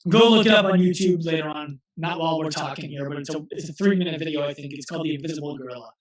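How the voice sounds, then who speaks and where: Earnest man telling stories, echoey room. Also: a little high. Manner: earnest, storytelling with quick restarts. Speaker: guest, physical therapist and coach. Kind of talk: conversational interview.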